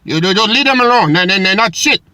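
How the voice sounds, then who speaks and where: A man's voice: high voice, expressive, fast, bright, forceful tone, no echo, pitched above the performer's own voice, exaggerated voice, poor audio. A man voicing a macho, dismissive Latino man who drawls and tags his lines with "eh". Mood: scornful.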